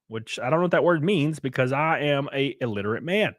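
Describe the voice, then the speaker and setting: A man's voice: fairly high pitch, brisk, few pauses, no room sound, studio quality. A young man hosting a livestream, ranting crudely and mockingly in casual commentary. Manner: crude, mocking, animated rants with laughs. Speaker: streamer host.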